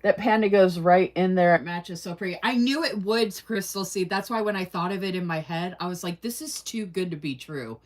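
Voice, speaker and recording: A woman's voice: fairly low pitch, brisk, hardly any pauses, darkish tone. A woman hosting a casual livestream, chatting with viewers, reading their comments aloud and laughing often. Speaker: livestream host.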